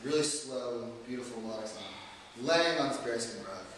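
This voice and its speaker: A man's voice: mid-range voice, normal speed, noisy background. A man telling a comic story to an audience, rambling and self-deprecating, with lots of fillers. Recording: echoey hall, distant mic.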